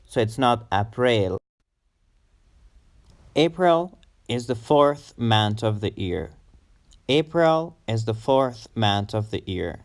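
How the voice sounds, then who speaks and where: A man teaching English pronunciation, saying each word slowly and repeating it for learners. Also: mid-range voice, animated. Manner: slow, deliberate, repeats words for learners. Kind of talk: pronunciation lesson.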